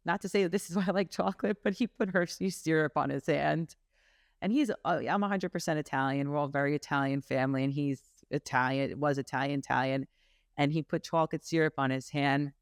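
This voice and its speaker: A woman guest on a podcast, telling stories candidly and with animated energy. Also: low voice, no echo, clean studio sound. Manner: lively, candid, animated storytelling, laughs. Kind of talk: casual interview chat.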